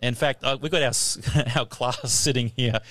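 Man, radio Bible teacher, lively, laughs often, questions the audience. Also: medium pitch, normal speed, dry recording. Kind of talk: live radio Bible study before a class. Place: tent or hall with a live audience.

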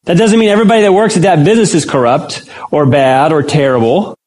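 A man's voice: fairly high pitch, fairly even intonation, fast, darkish tone, rough recording. A man teaching a Bible study as a sermon, conversational and often putting questions to his audience. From United States.

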